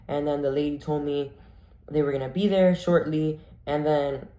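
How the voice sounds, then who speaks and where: A man's voice: on the high side, flat delivery, normal speed, dark tone. Man, storytime vlog, rambling with lots of "like", echoey room. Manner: rambling, breathless storytelling full of "like". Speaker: vlogger.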